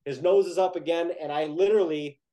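A young man with a somewhat high-pitched voice recounts a story in a loose, chatty way. He is animated and excitable, and scatters "like" through his sentences. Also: fairly quick, poor audio. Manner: animated, heavy use of "like", excited retelling. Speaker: podcast guest telling a hunting story. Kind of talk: casual storytelling.

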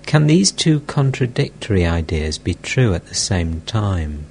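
A man's voice: deep voice, very animated, measured pace, creaky, a little mellow, slight background noise, exaggerated voice. A man reading as a timid, deferential disciple. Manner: hesitant, deferential. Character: timid married male disciple, humbled and polite.

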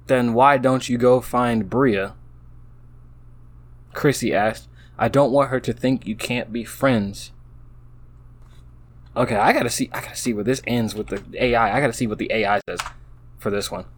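A man reading an AI-written story aloud, breaking off into amused, laughing asides about what the text says. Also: mid-range voice. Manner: slow, halting reading broken by laughing asides. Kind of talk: casual reading aloud with commentary.

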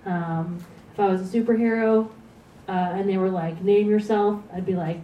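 Mellow-voiced deadpan woman comic. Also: mid-range voice, moderate pace, slight background noise. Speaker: stand-up comedian. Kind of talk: stand-up comedy. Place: comedy venue, stage. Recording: echoey room recorded from a distance.

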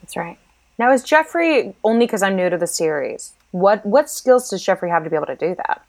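A woman co-hosts a casual book podcast and reacts to the story with playful enthusiasm. Her voice sits at a middle pitch for a woman, and she jokes along easily. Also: sing-song, brisk, vocal fry. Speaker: podcast co-host.

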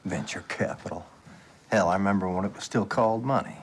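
An actor playing a sarcastic, folksy Texan executive with a drawling voice, in a clip from a TV drama. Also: male voice, sits low, a little fast. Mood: scornful.

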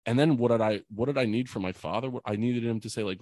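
A man's voice: mid-range voice, fast talker, darkish tone, dry recording, studio quality. A man in his forties, a podcast guest, telling a personal story in an earnest, emotional way, full of fillers. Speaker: podcast guest, youth mentor.

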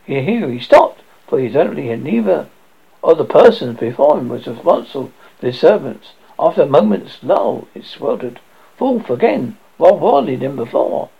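A man narrating a ghost story aloud in a halting way, often stumbling over words. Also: fairly high pitch, sing-song, vocal fry, slightly rough. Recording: dull lo-fi recording.

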